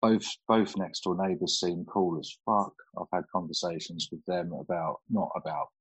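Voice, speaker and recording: A man's voice: low-pitched, steady tone, moderate pace, slightly rough, low-quality recording. A middle-aged man, chatting casually and telling stories, laughing often and swearing freely. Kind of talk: casual chat.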